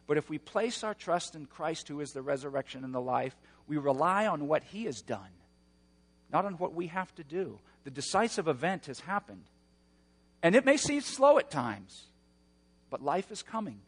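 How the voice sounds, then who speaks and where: A man preaching a sermon, moving between hushed, slow passages and loud, roaring emphasis. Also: fairly high pitch, big pitch swings, breathy edge, in a large hall. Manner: dynamic preaching, swings from hushed to shouting. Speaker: pastor.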